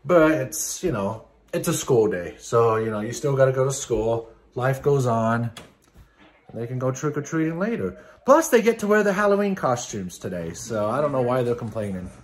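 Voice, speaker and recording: A man's voice: mid-range voice, big pitch swings, normal speed. A middle-aged man chatting casually to viewers in a family vlog at home, rambling with lots of fillers. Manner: rambling, with many "uh" and "you know"; speaks to the viewers directly as "guys". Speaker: family vlogger and dad. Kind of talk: casual vlog chat to camera.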